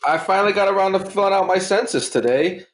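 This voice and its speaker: A man's voice: high-pitched, quick pace, reverberant. A man co-hosting a casual podcast chat with wry, joking asides. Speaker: podcast co-host.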